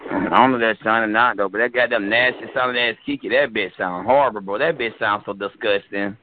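A man's voice: fairly low pitch, fairly quick, noisy background. A man hosting a call-in show, delivering a crude, insulting and repetitive roast. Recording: narrow phone-like sound with faint music.

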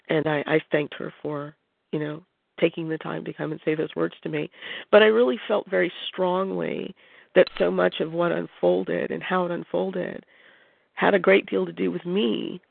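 A man's voice: on the high side, gravelly, dry recording. A man on a call, telling a personal story in a reflective, hesitant way with many restarts. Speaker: caller. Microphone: phone line. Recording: phone-line audio.

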